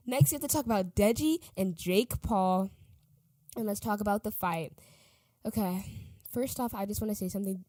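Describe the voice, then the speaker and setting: A woman's voice: mid-range voice, darkish tone, no room sound. A teenage girl hosting a podcast, chatting casually and rambling, often correcting herself and trailing off. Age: teens. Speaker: podcast host.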